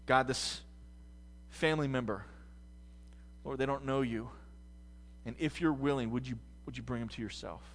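A man from the United States preaching a sermon as pastor, swinging from quiet musing to loud, fervent passages. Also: mid-range voice, normal speed, pauses often, in a large hall.

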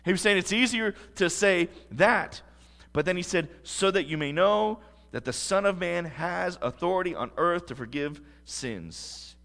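A man's voice: high voice, measured pace, a bit bright, in a large hall. A man preaching a sermon as pastor, earnest and emphatic.

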